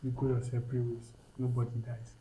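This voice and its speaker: A man's voice: mid-range voice, monotone, a little fast, mellow, slight background noise. A man with a Nigerian accent, a guest on a casual podcast discussion, talking emphatically, repeating himself and slipping into pidgin phrases. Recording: roomy echo.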